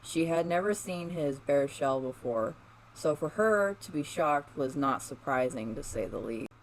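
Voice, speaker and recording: A man's voice: on the high side, animated, unhurried, a little hiss or hum, rough recording. A man narrating fan fiction aloud in a casual, unpolished way with fillers.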